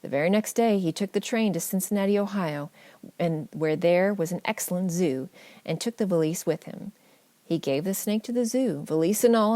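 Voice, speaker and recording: A woman narrating a family memoir audiobook in a measured, gently wry storytelling manner. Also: on the low side, dry recording.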